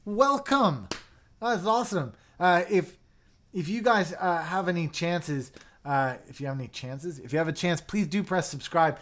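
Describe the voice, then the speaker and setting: A young man hosting a casual livestream, chatty and excitable, reading viewer comments and dropping into mumbled asides. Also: on the high side, normal speed. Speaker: livestream host reviewing keyboards.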